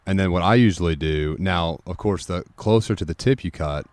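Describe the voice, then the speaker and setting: Very low-voiced podcast host. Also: male voice, a little fast, dry recording. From Kansas. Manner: relaxed, explanatory, walks a guest through steps. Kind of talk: casual podcast chat. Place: outdoors.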